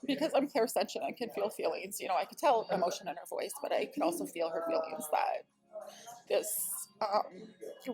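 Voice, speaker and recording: A woman's voice: medium pitch, normal speed, a crowd in the background, low-quality recording. A woman, a psychic medium, earnestly telling a personal story in a casual vlog, rambling with many fillers.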